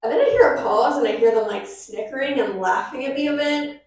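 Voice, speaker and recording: A young woman on a benefit stage, telling comic stories in a chatty, self-mocking way. Her voice sits a touch high. It rings through a very echoey hall, picked up from well away from the mic. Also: brisk, darkish tone, recorded from a distance. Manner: chatty, self-mocking, laughs at own jokes. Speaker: stand-up comic. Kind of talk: stand-up comedy set.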